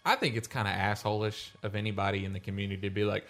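A man's voice: fairly low pitch, little pitch movement, rapid-fire, fairly bright tone. Laughing man podcast host. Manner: laughs often, loose and rambling. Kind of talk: casual chat.

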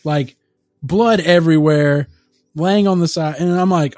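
A man casually recapping a movie on a podcast, animated and profane, often laughing through the story. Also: a little high, measured pace, dry recording, clean studio sound, faint music behind. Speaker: podcast co-host.

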